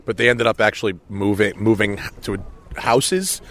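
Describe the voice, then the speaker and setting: A man's voice: lowish voice, moderate pace, a bit bright. A man co-hosting a casual podcast chat, laid-back and swearing freely, recorded outdoors and later in a car. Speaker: podcast co-host.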